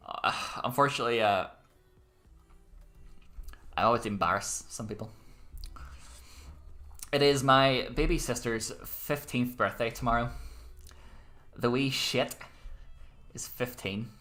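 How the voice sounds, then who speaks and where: Irish male quiz host, bright, forward tone, loose and jokey, mid-range pitch. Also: expressive, slow, pauses often, soft background music. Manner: chatty, joking asides, self-amused. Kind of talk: casual online quiz hosting.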